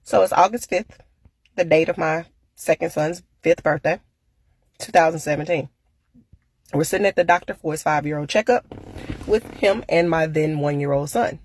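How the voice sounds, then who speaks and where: A woman's voice: low voice, normal speed, long pauses, darkish tone, no room sound. A woman, a mother, telling a family story in a dry, matter-of-fact way. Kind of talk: casual storytelling.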